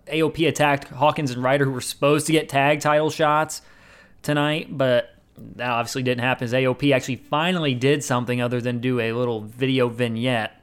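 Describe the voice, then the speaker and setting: A man's voice: medium pitch, clean tone. Rambling man recapping wrestling. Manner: rambling, many fillers and restarts. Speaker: wrestling show reviewer. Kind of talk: casual recap commentary.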